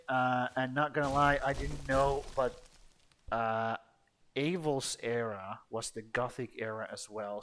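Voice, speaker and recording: A man's voice: medium pitch, a bit bright, slight background noise. A man chatting casually while streaming a game, rambling and swearing bluntly. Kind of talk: casual gameplay chat.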